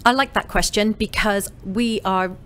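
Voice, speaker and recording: A woman from the UK whose British accent has softened, a salon owner chatting casually as a guest with a friendly, self-deprecating manner. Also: medium pitch, fairly even intonation, measured pace, slight background noise. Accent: British, softened by years in America. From United Kingdom. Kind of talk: casual interview chat.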